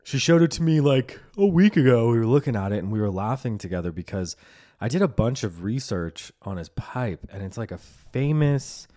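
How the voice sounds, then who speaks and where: A man's voice: mid-range voice, expressive, moderate pace, warm tone. A man hosting his own podcast, talking alone in a rambling, loose way, swearing and laughing often. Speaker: podcast host. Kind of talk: casual solo podcast monologue.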